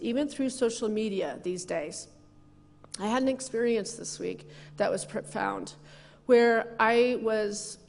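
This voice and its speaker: A woman minister giving a sermon, telling personal stories with frequent laughter and conversational asides. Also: medium pitch. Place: church sanctuary. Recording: long reverb of a church hall.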